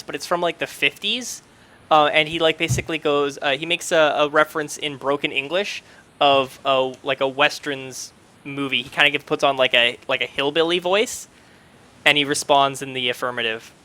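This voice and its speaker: A man's voice: on the high side, pushed and bright. A man narrating as game master of a tabletop game, loose and hesitant, with many fillers and restarts.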